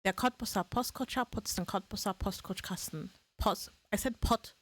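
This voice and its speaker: A woman's voice: medium pitch, moderate pace, fairly bright tone. Swearing, playful woman streamer. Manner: swears freely and laughs at her own slips. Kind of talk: casual live-stream chat.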